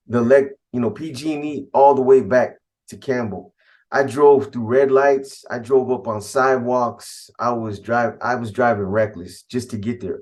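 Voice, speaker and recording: A middle-aged man from California telling a story from his past in blunt, profane street talk, getting animated when he quotes himself. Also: medium pitch. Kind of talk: casual spoken storytelling.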